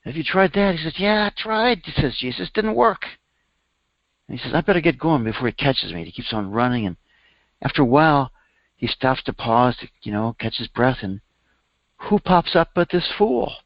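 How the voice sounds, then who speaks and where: Speaking at a normal pace in a gravelly voice, a male spiritual teacher tells a parable as a storytelling sermon, raising his pitch to bring the characters' lines to life. The recording is dry and the audio dull.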